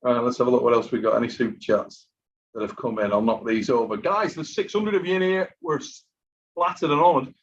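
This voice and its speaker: A man's voice: medium pitch, fairly quick, slight background noise. A man hosting a casual live stream, chatty and worn out from lack of sleep, reading out viewer messages. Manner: chatty, reads out super chats. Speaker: host of an armwrestling live stream. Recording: muffled lo-fi live stream audio.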